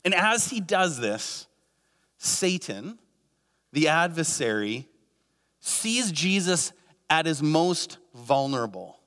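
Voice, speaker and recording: An earnest man preaching a sermon, his voice sitting a little high for a man. He asks many rhetorical questions and repeats key phrases. A long reverb trails his words, as in a big hall. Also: sing-song, takes it slowly, long pauses, a bit bright. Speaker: pastor.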